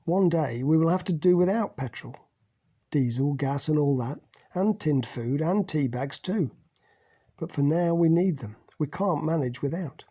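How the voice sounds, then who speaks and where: A forceful middle-aged leader lectures and accuses, rising hard on his key words, as a man reads him. The voice is husky and mellow, a little high for a man. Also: animated, measured pace. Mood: insistent.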